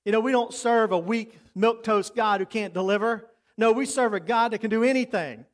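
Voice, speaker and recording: Мужчина средних лет, пастор, читает проповедь искренне, временами переходит на тихий, доверительный тон. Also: male voice, sits high, fairly quick. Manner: earnest, preacherly, drops to soft intimate tones for emphasis. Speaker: pastor. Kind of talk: sermon.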